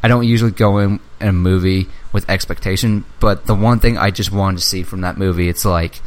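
Excitable young man geeking out, swearing. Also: sits low, a little fast. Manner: excitable fan, swears freely, acts out movie lines. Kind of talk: casual chat.

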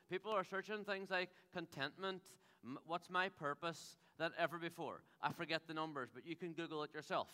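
Man preaching, bright and ringing. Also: on the high side, fairly quick, hardly any pauses. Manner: humorous, rambling storyteller. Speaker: pastor. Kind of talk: sermon. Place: theatre. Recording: theatre hall reverb.

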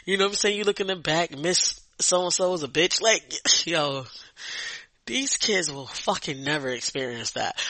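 A young woman ranting in a loose, profane monologue on her own podcast. Her voice is bright and bouncy, with pitch that rises and dips a lot, and it is recorded close and dry with no room sound. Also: no room sound. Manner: profane, blunt and rambling with frequent laughs. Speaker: podcast host.

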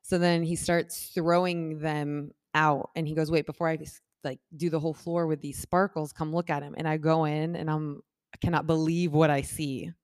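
A woman with a slightly low voice tells a story in casual chat. She is animated and acts out other people's voices, peppering her talk with "like." The sound is dry and close, with no room echo. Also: normal speed. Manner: animated, acts out quoted voices with big shifts in pitch and loudness; talks with many fillers like "like" and "I'm like". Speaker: guest telling a personal story.

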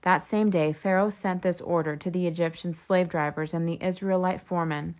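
A woman reading scripture aloud in a steady, measured way. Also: fairly low pitch. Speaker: scripture reader.

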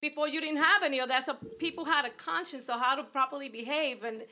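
A woman's voice: high-pitched, quick pace, pushed and bright. A woman in a casual group discussion, making her case in rambling, restarting sentences. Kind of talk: casual debate chat.

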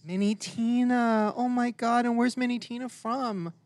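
A man hosting a casual chat, excitable and swearing casually. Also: extremely high pitch, measured pace, gravelly. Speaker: host.

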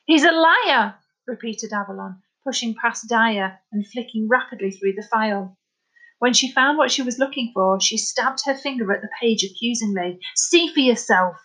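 A woman narrating a novel as an audiobook in a steady, dramatic storytelling manner. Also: fairly high pitch, moderate pace, husky, low-quality recording.

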